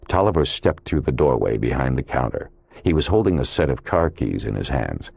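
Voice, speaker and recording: Very deep-voiced male audiobook narrator. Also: sing-song, brisk, creaky, darkish tone, husky, no room sound. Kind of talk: scripted narration.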